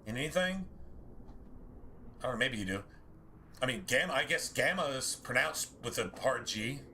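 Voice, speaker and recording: A game streamer with a bright, forceful voice rambles through a casual chat with his viewers, musing aloud, correcting himself often and dropping the odd swear word. His pitch is medium and his delivery expressive at a moderate pace, with a faint hiss of noise behind him.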